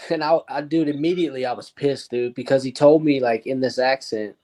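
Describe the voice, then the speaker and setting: A man's voice: medium pitch, a little fast, darkish tone. A man in a casual chat, talking in an aggrieved, laid-back way and saying "dude" a lot. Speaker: podcast guest.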